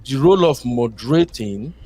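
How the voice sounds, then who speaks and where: Calling in to a show, a man from Nigeria talks casually and at length in his Nigerian accent, his rambling English sprinkled with pidgin. He has a medium-pitched, warm voice with lively intonation and a moderate pace.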